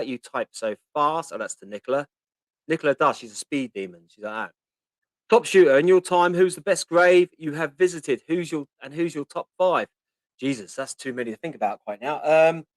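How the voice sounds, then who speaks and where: A chatty man with a Cockney-tinged Portsmouth accent hosts a casual live Q&A stream. He reads viewer comments aloud, rambles and drops in plenty of ums. His voice sits a little high for a man and sounds close and dry, with no room echo. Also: fairly bright tone. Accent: Portsmouth English, Cockney-tinged. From Portsmouth, England.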